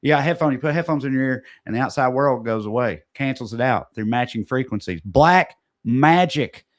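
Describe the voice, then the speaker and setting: A man's voice: mid-range voice, animated, a little fast. A man co-hosting a podcast, reading sponsor ads in a casual way with joking, off-the-cuff asides. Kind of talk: casual ad read.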